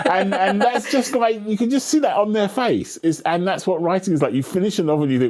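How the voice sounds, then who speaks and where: A man's voice: on the high side, fairly quick, hardly any pauses. A man, an author being interviewed, chatting casually and acting out quoted voices with plenty of humor. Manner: animated storyteller, acts out quoted voices, swears casually. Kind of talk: relaxed conversational interview.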